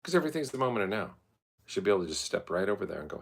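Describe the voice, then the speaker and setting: Male host, wandering profane monologue, gravelly fry, very animated pitch. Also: racing. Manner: profane, meandering, stream-of-consciousness. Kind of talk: rambling casual monologue.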